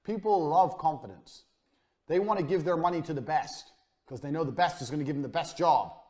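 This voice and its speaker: This business course instructor speaks fairly quickly in a slightly high voice, trailing off quietly as each phrase ends. His lecture style is blunt and motivational, built on short, punchy lines and offhand swearing.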